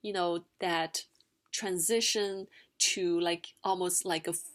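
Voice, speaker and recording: A woman teaching a casual explanatory lesson, unhurried, with fillers and sung-out demonstrations of tones. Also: fairly low pitch, steady tone. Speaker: language teacher. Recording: screen-recorded narration.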